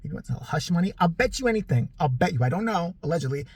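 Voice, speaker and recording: A blunt, profane vlogger ranting in sarcastic commentary. The husky voice swings widely in pitch, and the recording is dry and close. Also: animated, fast talker, no echo.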